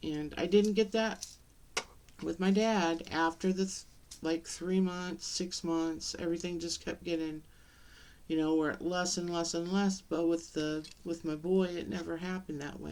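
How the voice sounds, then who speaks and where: Talking into the camera for her personal vlog, a middle-aged woman halts, tears up, and restarts often between many pauses. Her lowish voice is steady and somewhat dark in tone.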